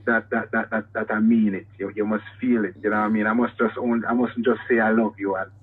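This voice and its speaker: A man's voice: on the low side, flat delivery, fast talker, husky. A male singer answers interview questions over a tinny phone line. He talks earnestly, stumbling and restarting his sentences. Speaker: singer, guest.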